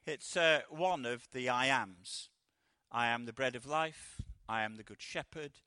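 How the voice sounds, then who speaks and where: A man's voice: medium pitch, a little slow, sharp tone, clear, resonant tone, dry recording. A man preaching a sermon after reading scripture aloud, emphatic, often repeating words as he goes.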